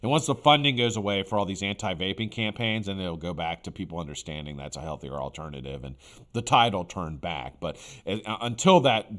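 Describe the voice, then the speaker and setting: A man's voice: lowish voice, sharp tone. A man hosting a live stream in casual chat, rambling and blunt, with frequent fillers and some swearing. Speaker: livestream host.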